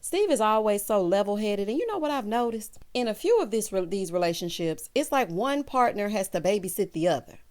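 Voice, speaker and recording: A woman hosting a casual reality-show recap, talking sassily and straight to her viewers, with big jumps in pitch for emphasis. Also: fairly quick, hardly any pauses. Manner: sassy, animated, talks straight to the viewers. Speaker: TV recap host.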